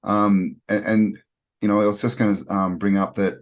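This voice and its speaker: A man in a casual discussion, who talks haltingly and repeats words as he restarts. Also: on the low side, level tone.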